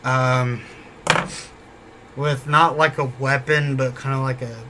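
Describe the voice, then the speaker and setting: Man, casual rambling storyteller, swears a lot, mid-pitched voice, faint hiss. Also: fairly even intonation, takes it slowly. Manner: rambling, swears often, repeats "literally". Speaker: former store worker.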